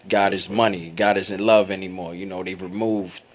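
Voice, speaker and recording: A man's voice: sits low, flat delivery, crowd noise. A man on a radio talk show, speaking reflectively with slang like "you feel me". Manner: reflective, slang-laced, measured. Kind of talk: casual radio chat.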